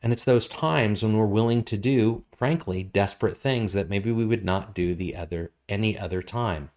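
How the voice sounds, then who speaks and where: A man's voice: lowish voice, normal speed, darkish tone. A man preaching a sermon as pastor, earnest, repeating words for emphasis and reading scripture aloud with rising intensity.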